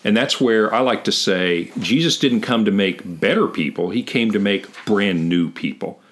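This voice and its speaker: A man with a lowish voice talking through scripture in a relaxed conversation. He gets animated when quoting, jumping up high in pitch to act the lines out. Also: normal speed. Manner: animated, acts out quoted lines with big pitch jumps. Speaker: Bible teacher, guest. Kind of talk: casual theological discussion.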